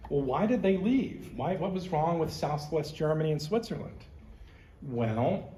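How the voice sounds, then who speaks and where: A man's voice: on the high side, lively intonation, unhurried, dark tone, echoey room. A man giving a conversational history lecture as a museum curator, explaining with slides and personal asides.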